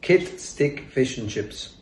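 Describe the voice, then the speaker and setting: A man with a New Zealand accent, a cafe owner, slowly reading example words aloud one by one to show his pronunciation. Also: mid-range voice, animated, reverberant. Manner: slow, deliberate word-by-word reading.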